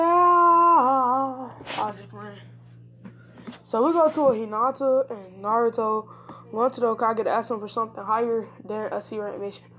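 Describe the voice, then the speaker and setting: A woman's voice: a little high, a little hiss or hum. Rambling woman casually retelling a story. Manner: rambling, with frequent restarts and self-corrections; offhand slangy speech. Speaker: YouTube storyteller.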